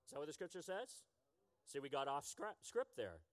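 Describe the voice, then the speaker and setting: Animated preacher in his fifties. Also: on the high side, moderate pace, in a large hall. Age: 50s. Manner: animated, humorous storytelling. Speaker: pastor. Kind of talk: sermon.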